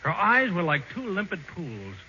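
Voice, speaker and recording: A man's voice: high voice, wildly swooping pitch, normal speed, pushed and bright, full character voice. A young man playing an earnest, lovesick suitor in a 1940s radio comedy, pleading eagerly. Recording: muffled hissy 1940s radio broadcast.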